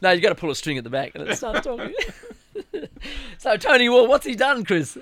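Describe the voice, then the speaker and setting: An Australian man co-hosting a comedic sports chat, jumping in often with quick questions and asides. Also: sits high, gravelly, dry recording. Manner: animated, interjects often. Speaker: co-host.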